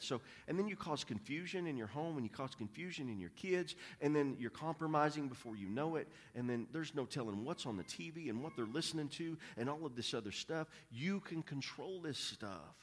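A man preaching a sermon as pastor, talking conversationally, often repeating his opening words and swinging from hushed asides to loud emphasis. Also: medium pitch, lively intonation, brisk, few pauses. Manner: repeats words when starting sentences.

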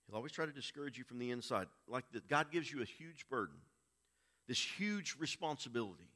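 A man preaching a sermon, swinging between quiet, hushed stretches and loud, raised passages. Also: a little high, fast talker. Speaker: pastor.

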